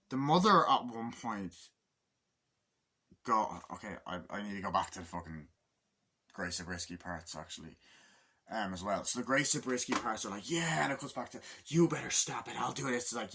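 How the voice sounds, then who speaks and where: Male film reviewer, casual and profane, slightly low voice with bright edge, keeps acting out scenes. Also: moderate pace, long pauses. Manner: rambling, swears a lot, acts out movie lines. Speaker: movie reviewer.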